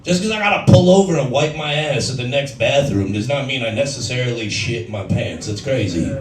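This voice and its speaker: A man with a raspy voice doing a brash, crude stand-up comedy set in a bar. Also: medium pitch, expressive, fairly quick. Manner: brash, crude, swears freely. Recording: echoey room from far off.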